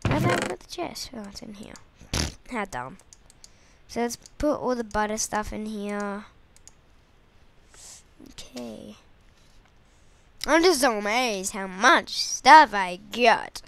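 A woman giving goofy, excitable let's play commentary while playing a game, talking to herself and the viewers. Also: a little high, unhurried, creaky, long pauses, a little hiss or hum. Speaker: gamer.

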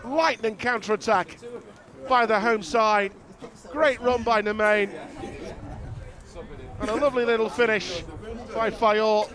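A man commentating on football match highlights, calm between chances and jumping up loud at goals. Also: unhurried, long pauses, some chatter behind. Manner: rises sharply and loud when goals go in. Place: outdoors at a windy football ground.

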